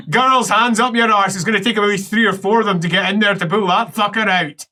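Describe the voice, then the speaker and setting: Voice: medium pitch, fairly even intonation, a little fast, sharp tone, voice pushed up, close to an everyday voice. A game master voicing a crude man who gloats and jeers at a patient. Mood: gloating. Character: jeering man behind a partition, mocking and crude.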